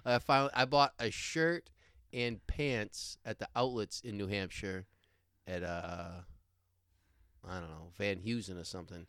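A man's voice: fairly low pitch, unhurried, fairly bright tone, smooth, no room sound, studio quality. A man telling rambling everyday stories in casual chat, laughing often and swearing now and then. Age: adult with a young son. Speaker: podcast co-host.

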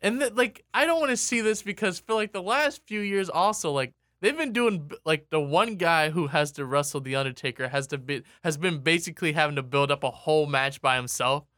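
A man co-hosting a casual podcast, animated and often laughing as he chats. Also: fairly high pitch, dry recording, studio quality. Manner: animated, laughing, quick impressions. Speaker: podcast co-host. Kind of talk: casual wrestling podcast chat.

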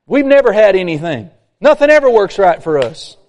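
A man preaching a sermon, folksy and animated, acting out complainers. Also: high-pitched, a little fast. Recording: long hall reverb.

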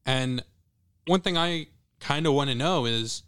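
A man co-hosting a casual film chat, curious and animated as he tells what he noticed. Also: mid-range voice, measured pace, clear, resonant tone. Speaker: podcast co-host.

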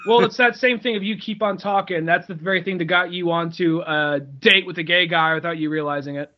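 A man co-hosting a podcast, chiming in with quick banter in casual chat. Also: high voice, steady tone, muffled recording. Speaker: podcast co-host.

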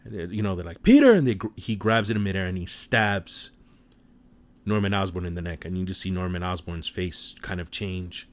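A man casually retelling a movie plot in an animated way, with offhand swearing. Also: low voice, normal speed. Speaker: film recap commentator.

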